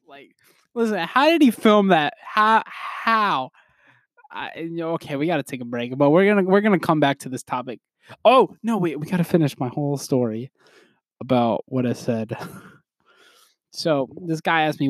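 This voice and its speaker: A young man hosting a casual solo podcast, rambling through a story with laughs and quick restarts. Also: on the high side, animated, a bit bright, no room sound, studio quality. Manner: rambling, laughing, quoting others in put-on voices. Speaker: podcast host.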